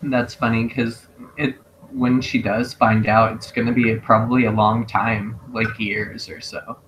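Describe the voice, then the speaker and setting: A man co-hosting a podcast, recapping scenes in a lively way and laughing often. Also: medium pitch, unhurried, a little hiss or hum, poor audio. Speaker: podcast co-host. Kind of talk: casual chat.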